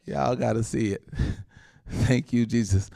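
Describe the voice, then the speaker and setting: A man preaching as a pastor, animated and laughing often, with frequent amens. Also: mid-range voice, unhurried, vocal fry. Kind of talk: sermon.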